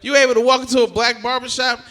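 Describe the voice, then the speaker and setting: High, bright-voiced young stand-up comedian. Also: male voice, quick pace. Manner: animated storytelling with loud punchlines.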